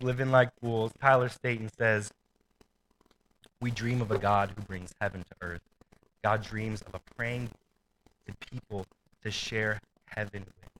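A man's voice: medium pitch, slight background noise, poor audio. A man preaching a sermon in a casual, conversational way, with asides and light laughter. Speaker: pastor.

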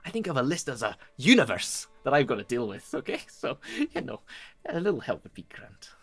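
A man's voice: medium pitch, very animated, a little fast, a bit bright, breathy edge, faint music behind, heavily acted. A man voicing an imperious, irritated female ruler in a tabletop game, talking in a sarcastic, scolding way.

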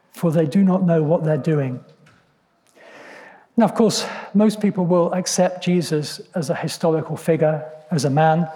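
A man preaching a sermon in an earnest, reflective way, pausing with ums and restarting phrases. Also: a little high, warm tone. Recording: long hall reverb.

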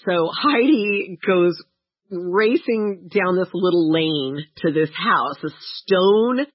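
Brief: woman podcast co-host, lively storyteller, husky voice, dry dull sound. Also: on the low side, slow pace, no echo. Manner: animated storyteller, laughs often, acts out quotes. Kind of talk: casual chat.

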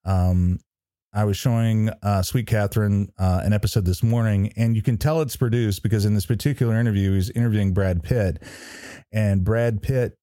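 Low, mellow-voiced podcast co-host. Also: male voice, steady tone, moderate pace, no echo, clean studio sound. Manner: rambling, full of ums and restarts. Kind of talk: casual chat.

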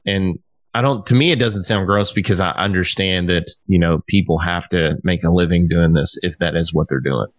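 A man's voice: deep voice, normal speed, no echo. A man hosting a casual podcast chat, rambling and swearing freely with lots of restarts. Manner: rambling and profane, with many restarts. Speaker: podcast host, musician.

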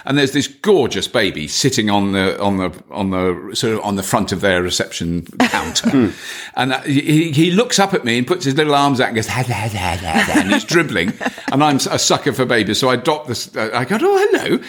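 Brief: man, podcast guest, animated anecdote-teller, stammery restarts, mid pitch. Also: moderate pace. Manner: animated storyteller, stammering restarts, jumps high in pitch for quoted voices. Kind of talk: casual chat, telling an anecdote.

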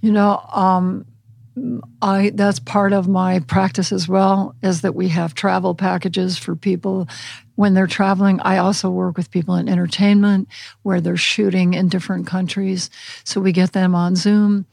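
A woman with a husky, gravelly voice speaks calmly as a podcast guest, gently walking the listener through how to do things. The sound is dry and close, with no room around it. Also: medium pitch, normal speed, no room sound. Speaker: animal communication counselor. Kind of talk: podcast interview, guided visualization.

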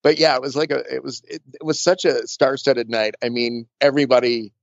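A makeup artist being interviewed, telling stories in a chatty, rambling way with lots of fillers and restarts. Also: male voice, medium pitch, fairly even intonation, brisk, gravelly, no room sound. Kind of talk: casual storytelling interview. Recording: dull lo-fi dry sound.

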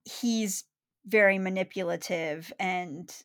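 A woman's voice: medium pitch, slow pace, clear, resonant tone, no room sound, studio quality. A woman hosting a casual film-talk podcast, chatty and full of "like" fillers. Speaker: podcast host.

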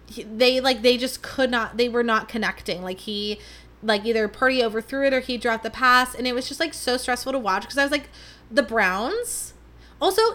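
This young podcast host has a bright, forceful voice pitched on the high side. She chats casually, wandering from point to point with plenty of drama and self-mockery.

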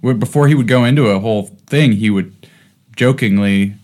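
A man's voice: on the low side, a little fast. A man talking comedy in a casual chat, laughing through his points. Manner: lively, laughs while talking.

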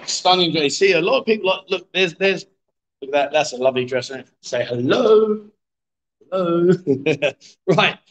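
A middle-aged man runs a live stream from a bar, coaxing the players and teasing them in a chatty, joking way. His voice sits fairly high for a man. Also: moderate pace, a bit bright, lo-fi sound. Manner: jokey, coaxing, chatty with viewers. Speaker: livestream host. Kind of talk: live-streamed pool game commentary. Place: bar with a pool table.

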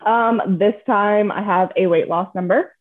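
A woman's voice: mid-range voice, unhurried. Earnest woman guest on a tinny line. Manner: earnest, upbeat, laughs easily. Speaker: guest, coaching client. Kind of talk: casual interview.

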